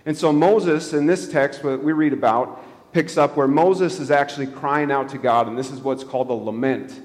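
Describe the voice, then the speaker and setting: A man's voice: mid-range voice, normal speed, darkish tone. A man pastor giving a conversational sermon in a church, asking the congregation questions and chuckling at his own jokes. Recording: long hall reverb.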